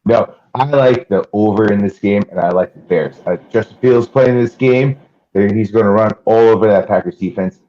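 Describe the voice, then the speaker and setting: A man's voice: lowish voice, moderate pace, warm tone, lo-fi sound. A man on a sports betting panel calling in remotely, giving plain, confident picks. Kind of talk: sports betting talk show.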